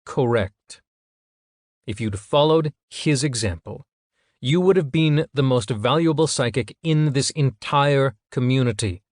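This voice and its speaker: A man reading an audiobook, voicing a cold, calculating middle-aged father who speaks in a measured, clinical way. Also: mid-range voice, lively intonation, dry recording, studio quality, pitched above the performer's own voice, close to an everyday voice.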